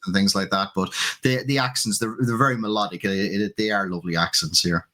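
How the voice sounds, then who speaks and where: Irish man, middle-aged, low voice with a bright forceful edge, wry, measured. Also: fairly even intonation. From Ireland. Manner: wry, measured, with false starts. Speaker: guest. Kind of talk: casual podcast chat.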